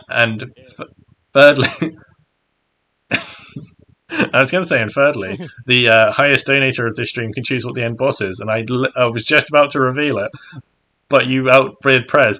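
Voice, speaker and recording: A man running a charity tabletop game stream as game master, chatty and quick to laugh, with many restarts. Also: medium pitch, sharp tone.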